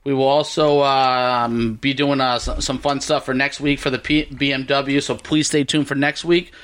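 A man's voice: medium pitch, little pitch movement, normal speed, a bit bright, smooth. A man co-hosting a golf podcast, listing his picks and wrapping up the episode in an upbeat way. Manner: upbeat, wraps up the show. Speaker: podcast co-host. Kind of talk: casual golf betting chat.

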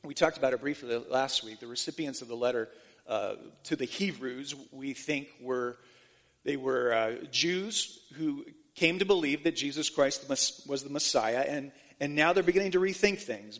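A man's voice: medium pitch, lively intonation, normal speed. A man preaching a sermon earnestly, often restarting phrases as he explains scripture. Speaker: pastor. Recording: long hall reverb.

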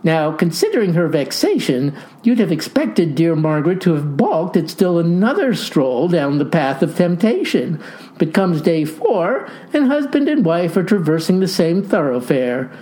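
A man's voice: a little high, very animated, moderate pace, mellow. A man narrating a comic tale in a dry, wry manner with folksy, old-fashioned phrasing. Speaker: storyteller.

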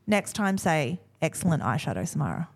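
A woman's voice: deep voice, sing-song, fairly quick. A woman, co-hosting a podcast in casual, self-mocking chat and acting out what others said. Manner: chatty, self-mocking, acts out quotes. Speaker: podcast co-host.

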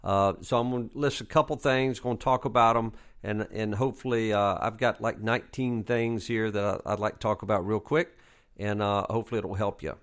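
A man's voice: on the low side, fairly even intonation, brisk, a bit bright, clean tone. A middle-aged man, a basketball coach and podcast host, talking through coaching tips in a conversational way, repeating key points with emphasis and plenty of fillers. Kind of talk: casual coaching tips monologue.

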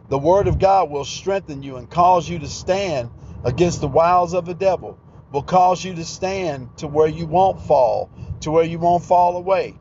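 A man's voice: a little high, moderate pace, darkish tone. A man preaching a podcast sermon in an earnest, plain-spoken way. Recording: dull lo-fi sound, faint outdoor traffic noise.

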